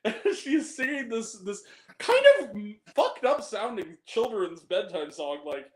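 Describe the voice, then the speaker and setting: A man's voice: sits high, very animated, measured pace. A man reviewing a film on a podcast in casual chat, swearing freely and often breaking into laughter. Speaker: podcast guest. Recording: roomy echo.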